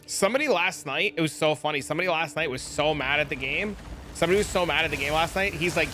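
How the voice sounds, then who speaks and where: A man streaming a game, chatting casually, excitable and swearing often as he thanks his viewers. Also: on the high side, fast talker, music in the background. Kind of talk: casual live-stream chat.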